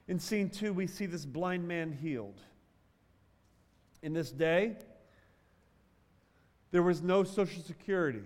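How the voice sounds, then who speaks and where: A male pastor delivering a sermon, moving between loud emphatic bursts and quiet, drawn-out phrases. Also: sits high. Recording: long hall reverb.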